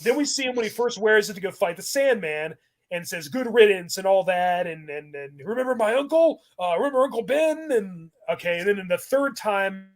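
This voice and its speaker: A man's voice: high-pitched, moderate pace. A man hosting a casual podcast, rambling animatedly about films and laughing often as he talks. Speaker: podcast host.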